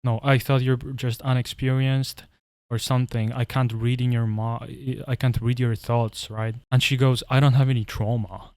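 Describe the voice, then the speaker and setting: A man's voice: medium pitch, little pitch movement, a little slow, a little mellow, clear, resonant tone, no room sound. A man telling a story in a casual, profane rant, rambling and often restarting his sentences. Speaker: commentary vlogger.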